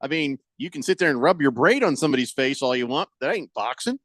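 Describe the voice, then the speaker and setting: Quick and mid-range, with no room sound, this sports radio host reads texts from listeners and chats loosely. His rants get animated and exasperated, and he mocks people by quoting them in put-on voices.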